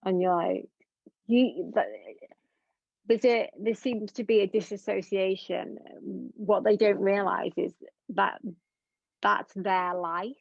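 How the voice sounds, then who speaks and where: A woman's voice: mid-range voice, steady tone, slow pace, creaky, pauses often, dry recording. A young woman, speaking candidly as an interview guest in an earnest, rambling way full of fillers. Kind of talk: candid conversation. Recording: dull lo-fi dry recording.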